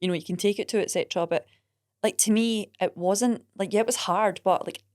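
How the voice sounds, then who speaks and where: Fast-talking woman coach. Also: mid-range voice, a little mellow. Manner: quick, earnest and emphatic. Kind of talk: casual podcast chat.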